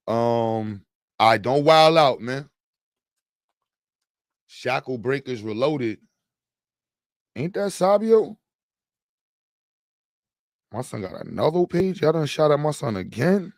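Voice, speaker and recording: In a gravelly, mid-range voice, a livestream host chats casually with viewers, very animated yet taking it slowly with long pauses. His talk is rambling, slangy and jokey, and the studio recording is clean with no echo.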